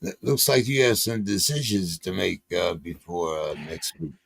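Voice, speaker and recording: A man's voice: deep voice, normal speed, vocal fry, a bit bright, dry recording. A man co-hosting a casual live stream, talking hesitantly with many fillers. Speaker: league commissioner and co-host.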